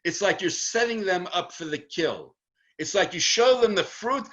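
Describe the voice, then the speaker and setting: A man, a rabbi, teaching the weekly Torah portion in an online lesson, emphatic and acting out the quotes he reads. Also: normal speed. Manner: animated, emphatic, acts out quotes with rising pitch. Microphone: video call. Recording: dull lo-fi online audio.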